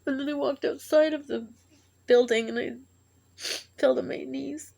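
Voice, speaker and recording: A woman telling a tearful personal story in a halting, emotional way, sighing and breaking off as she grieves. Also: high-pitched, fairly even intonation, gravelly, mellow. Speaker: vlogger.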